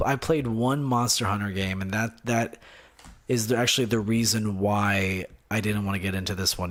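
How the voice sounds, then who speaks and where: A young man hosting a casual solo gaming podcast, rambling and excitable, swinging between low muttering and loud outbursts. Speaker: podcast host.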